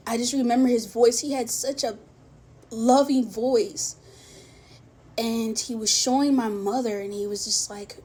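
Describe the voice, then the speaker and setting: A young woman shares a heartfelt personal faith testimony, speaking softly and haltingly. She pauses often and restarts her sentences, and she sounds close to tears in places. A faint hum of noise runs underneath. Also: mid-range voice. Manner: soft, halting, many fillers and restarts, tearful at times. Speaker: vlogger sharing a faith testimony. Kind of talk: personal testimony, emotional storytelling.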